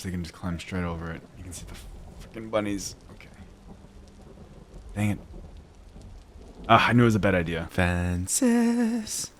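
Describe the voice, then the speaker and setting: A young man giving casual gameplay commentary, talking to himself, muttering quietly at times and breaking into loud excited shouts. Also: on the low side, slight background noise. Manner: drops to near-whispered mutters while working. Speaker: gaming YouTuber.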